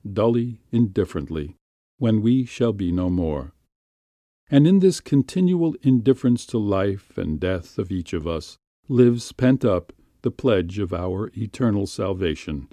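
A man calmly narrating a classic story in a measured, unhurried way. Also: lowish voice, no room sound. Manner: calm, measured, unhurried reading.

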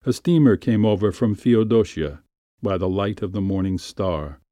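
A man calmly narrating a classic story in a measured, unhurried way. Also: lowish voice, no room sound, clean studio sound. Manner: calm, measured, unhurried reading.

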